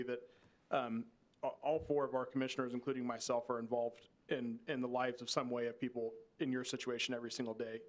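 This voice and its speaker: A man, a city commissioner and pastor, responding at a city meeting in a reassuring, explanatory way with many restarts. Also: mid-range voice. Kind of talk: meeting discussion.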